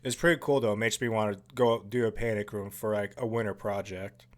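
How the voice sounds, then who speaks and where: A man giving casual, profane commentary over a horror film, excitable and full of jokey asides. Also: fairly low pitch, brisk. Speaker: movie commentary host.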